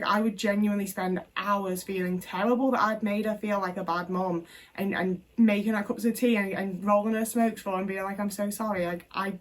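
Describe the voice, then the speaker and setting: A woman's voice: mid-range voice, far from the mic. A young woman vlogger telling personal stories frankly to camera, in a casual, conversational way with fillers and the odd swear word. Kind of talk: candid personal storytelling to camera.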